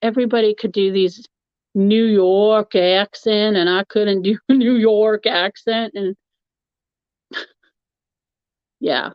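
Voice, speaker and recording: Woman, live-stream host, easygoing rambler, unhurried delivery, dry lo-fi home recording. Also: medium pitch, no room sound. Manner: chatty, rambling, laughs often. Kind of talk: casual chat answering a live chat. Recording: dull, lo-fi, dry sound.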